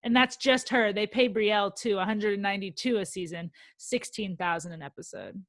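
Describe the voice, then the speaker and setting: A woman co-hosting a podcast, chatting casually and quickly about reality TV with lots of fillers. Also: medium pitch, fairly bright tone, no room sound. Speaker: podcast co-host.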